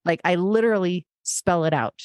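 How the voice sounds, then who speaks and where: Middle-aged woman, low register, earnest guest, acts out past dialogue, dry close mic. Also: normal speed, a little mellow, no room sound. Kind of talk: conversational interview.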